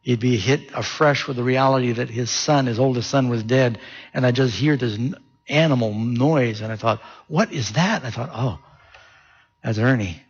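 Gravelly, husky male preacher. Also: moderate pace, lo-fi sound. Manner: vivid storytelling with wide pitch swings. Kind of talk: storytelling sermon.

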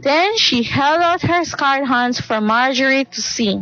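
A woman reading a story aloud in an earnest, expressive way. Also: high-pitched, measured pace, dry recording, lo-fi sound.

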